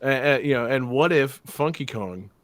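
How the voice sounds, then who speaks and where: A man's voice: medium pitch, normal speed, no echo. A man hosting a game show podcast, chatting casually with lots of fillers, jokey asides and swearing.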